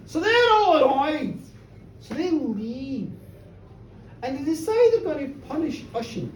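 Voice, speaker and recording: A woman tells a folk tale live, chatty and playful, her high voice swooping up and down. She is recorded from a distance in an echoey pub with faint noise behind. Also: expressive, moderate pace, a little mellow. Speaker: storyteller. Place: pub storytelling show, indoors. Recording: roomy bar, distant mic, faint noise.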